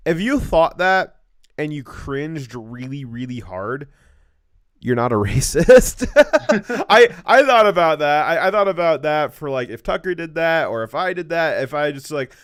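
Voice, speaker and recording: A man hosting a casual political commentary show, talking in animated bursts, often restarting his words and chuckling at his own points. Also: a little high, unhurried, no room sound, studio quality. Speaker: show host.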